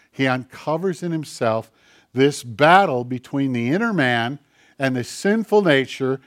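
A man preaching a sermon in an animated, conversational way, acting out quoted voices and tossing asides to the congregation. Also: medium pitch. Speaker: pastor.

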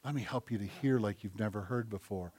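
A man's voice: on the low side, brisk, slightly rough. Impassioned male pastor preaching a sermon. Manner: dynamic, swings from loud emphatic repetition to soft intimate tones; conversational, tells anecdotes with acted-out quotes.

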